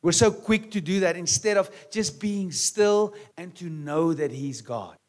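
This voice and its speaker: A man preaching a sermon in a conversational way, with rhetorical questions and a frequent "right?" or "amen?" to the congregation, sometimes dropping to quiet asides. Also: high voice, a little slow. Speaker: pastor.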